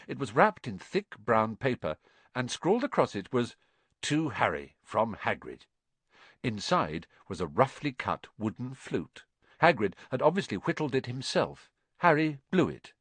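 A man narrating a children's story with expressive, measured storytelling. His pitch moves a lot, lively and full of shape. The recording is dry and close with no room sound. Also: no echo. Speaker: audiobook narrator.

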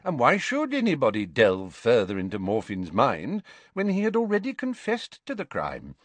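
A man voicing a calm old male wizard headmaster in an audiobook reading, speaking in a measured, patiently explaining way. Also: mid-range voice, no room sound.

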